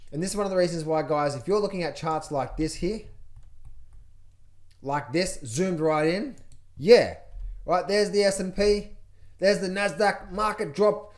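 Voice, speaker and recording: A trading coach walks viewers through charts, addressing them directly in a high-pitched voice. He talks with energy but unhurriedly, with long pauses, lots of repetition, and occasional imitations of panicked traders.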